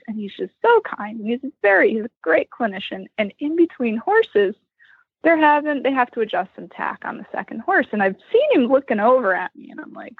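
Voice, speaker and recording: A woman from Western Pennsylvania tells a story in a chatty, animated way. Her voice is fairly high and a little husky, and the sound is dry. It comes through a narrow, phone-like line. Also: normal speed, no room sound. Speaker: guest. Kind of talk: casual storytelling interview. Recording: tinny phone line, remote call.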